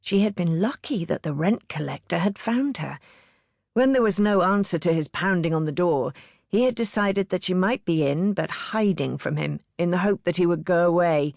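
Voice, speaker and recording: A woman narrating an audiobook in a measured storytelling manner. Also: on the low side, lively intonation, vocal fry, a little mellow, no room sound, studio quality.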